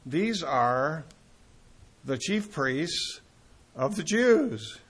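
Older man, preacher, husky voice, fairly high pitch, conversational Bible teaching, questions to the audience. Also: very animated, drawn-out words, pauses often. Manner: conversational, asks the audience questions, frequent fillers.

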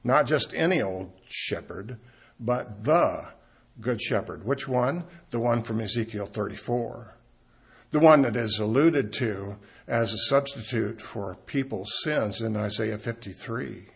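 A man's voice: medium pitch, a little slow, creaky, husky. A man preaching a sermon as pastor, emphatic, rising and swelling on key points.

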